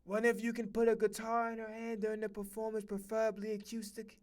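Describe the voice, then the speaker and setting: A man voicing a male event host who pleads with a crowd to be quiet and introduces a performer in a mock-formal way. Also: high voice, monotone, fast talker, close to an everyday voice. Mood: mock solemn.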